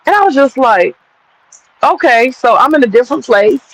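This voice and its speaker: A woman's voice: high-pitched, moderate pace, no echo, low-quality recording. A woman streamer tells a story to her viewers in loose, casual talk. She curses freely and drifts into side remarks. She keeps her hands busy with a task as she talks. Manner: profane, rambling, lively storyteller; works with her hands while talking.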